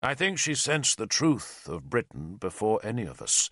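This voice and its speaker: A man narrating an audiobook in a dramatic, measured storytelling way. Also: fairly low pitch, very animated, sharp tone, no room sound, studio quality.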